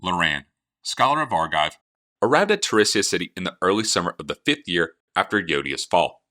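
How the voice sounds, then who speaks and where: A man reading an audiobook with expressive, animated storytelling. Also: low-pitched, brisk. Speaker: narrator.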